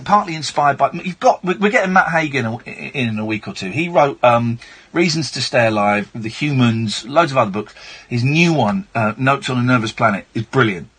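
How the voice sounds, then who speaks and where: Brief: male late-night radio host, husky, animated pitch, wry asides. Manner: chatty, wry, reading news aloud with asides. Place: radio studio.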